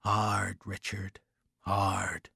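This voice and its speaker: A man plays a hearty naval captain with a rich Devonshire accent, affable and chatty. The voice is slightly raised, with a husky grain, and it is recorded dry and close. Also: deep voice, completely flat delivery, extremely slow, sharp tone, no room sound, heavily acted. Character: cheerful, warm-hearted male naval captain.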